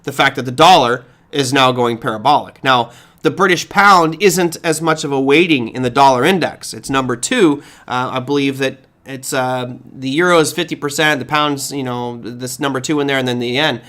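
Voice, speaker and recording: A middle-aged man hosting a live market-commentary stream, answering viewer questions in a conversational, animated way with rhetorical questions and frequent restarts. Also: medium pitch, moderate pace.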